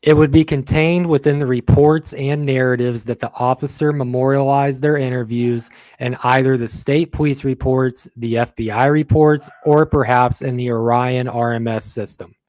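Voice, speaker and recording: A man reading the part of a police detective giving courtroom testimony in formal, measured, apologetic answers. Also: mid-range voice, steady tone, darkish tone, no echo, lightly acted. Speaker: reader in a transcript read-through.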